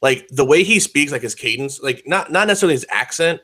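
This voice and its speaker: A man's voice: on the high side, animated, fast talker, bright, forceful tone. A man co-hosting an online discussion show, rambling in casual chat with a lot of swearing and filler words. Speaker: podcast co-host.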